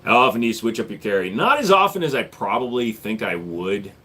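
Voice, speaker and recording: A man's voice: lowish voice, big pitch swings, a little fast, sharp tone, husky. Blunt sarcastic man hosting a live stream. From Korea. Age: 40s. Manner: blunt, sarcastic, reading chat aloud. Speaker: livestream host. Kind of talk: casual live stream chat.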